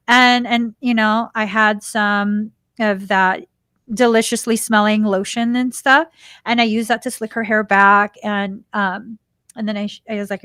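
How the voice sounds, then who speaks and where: A woman's voice: a little high, normal speed, dry recording, clean studio sound. A woman hosting a spiritual podcast, telling a personal story with emotion and acting out the dialogue. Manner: emotional, animated retelling with quoted dialogue. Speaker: podcast host. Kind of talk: heartfelt storytelling.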